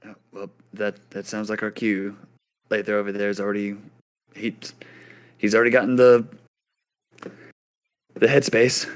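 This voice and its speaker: A man playing a tabletop game, chatty and excitable, swearing when things go wrong. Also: fairly low pitch, moderate pace, pauses often, clean tone. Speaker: player. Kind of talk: casual tabletop play.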